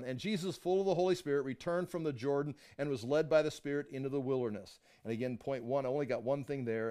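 An older man teaching a Bible study in a loose, rambling, conversational way, acting out the biblical voices with sudden jumps in pitch. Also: darkish tone.

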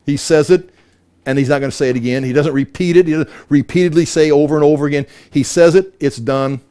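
A man teaching a Bible study, emphatic and animated, often repeating words as he works through a point. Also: fairly high pitch, quick pace, clear, resonant tone.

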